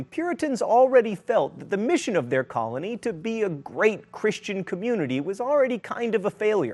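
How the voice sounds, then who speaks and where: Wry quick-witted male history lecturer. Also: a little high, a little mellow. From Alabama. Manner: brisk and wry, with dry jokes. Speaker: host. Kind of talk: scripted educational lecture.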